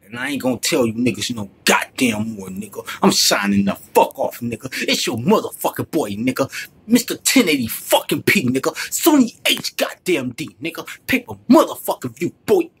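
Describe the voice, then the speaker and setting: A man giving an excited, profane recap of a battle, repeating his phrases and hyping the performers. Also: medium pitch, moderate pace, slightly rough. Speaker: battle rap reviewer.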